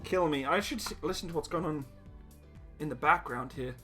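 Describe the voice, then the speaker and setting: A man's voice: fairly high pitch, brisk, a bit bright, soft background music. A young man hosting a casual live chat stream, reading out donations and laughing often at himself. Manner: laughs often, giggly and self-mocking. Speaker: livestream host reading donations.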